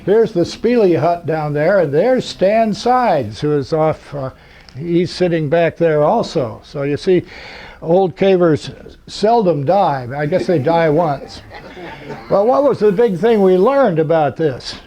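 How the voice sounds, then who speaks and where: Older man, high voice, dry humor. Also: lively intonation, slow pace, mellow. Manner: dry humor, rambling with fillers. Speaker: convention speaker. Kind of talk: anecdotal talk to an audience. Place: lecture hall. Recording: muffled lo-fi recording.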